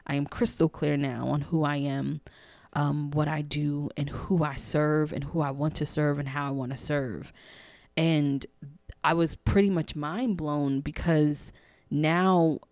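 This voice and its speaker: Low-voiced woman telling a personal story. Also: a little slow, dry recording. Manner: expressive, acts out dialogue in a hushed voice; candid, chatty. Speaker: podcast host.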